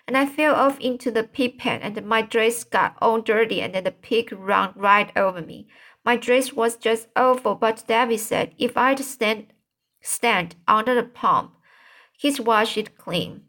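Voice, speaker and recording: A woman's voice: on the high side, unhurried, fairly bright tone. A woman voicing a prim little girl who complains tearfully in a storybook reading. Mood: whiny, upset. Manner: plaintive, complaining storybook child.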